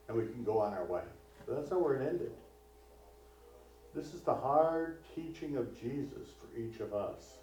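A pastor delivers his sermon in a conversational manner, leaning on rhetorical questions. He has a warm, animated, mid-range voice and speaks at a moderate pace. The hall recording is distant, echoey and dull, with a little hiss or hum.

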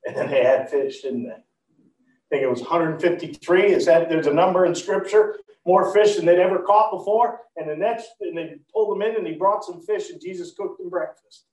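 A man preaching a storytelling sermon, animated, swinging from loud to hushed. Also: high voice, moderate pace. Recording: roomy, far from the mic.

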